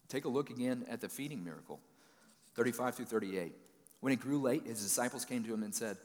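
Casting: male preacher with a lowish voice, folksy and conversational, big hall reverb. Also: fast talker. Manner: conversational, folksy paraphrasing of scripture. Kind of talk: sermon.

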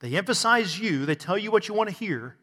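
A man's voice: sits high, animated, a little fast, bright, forceful tone, long reverb tail. A man preaching a sermon to a congregation, asking rhetorical questions and adding bits of humor. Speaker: pastor.

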